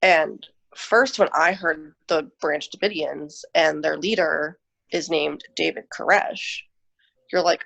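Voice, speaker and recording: A woman's voice: low voice, slow pace, creaky, a bit bright. A woman presenting a podcast episode in casual chat, explaining things step by step. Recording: dull lo-fi recording.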